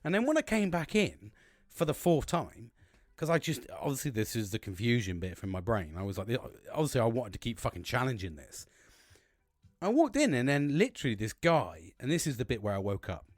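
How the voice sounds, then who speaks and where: Animated man telling a story. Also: mid-range voice, brisk, no echo, studio quality. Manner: animated, heavy swearing, rambling with restarts. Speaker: podcast host. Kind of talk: casual storytelling monologue.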